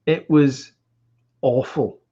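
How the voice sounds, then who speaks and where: Speaking very slowly in a mid-range voice that is mellow and slightly rough, this Scottish podcast co-host keeps his intonation fairly even. His casual, rambling chat is packed with fillers and restarts, and the recording is dull and lo-fi.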